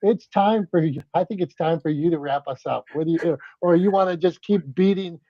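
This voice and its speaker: Man, regional American accent, high-pitched, playful host, excitable, dry dull lo-fi sound. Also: a little fast, no room sound. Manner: playful, excitable, lots of restarts. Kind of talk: casual podcast banter.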